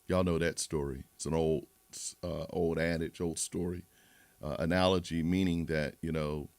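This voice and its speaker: A man's voice: a bass voice, little pitch movement, normal speed, darkish tone, no echo. A man hosting a livestream, rambling and moralizing in a casual monologue with many restarts. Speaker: livestream host.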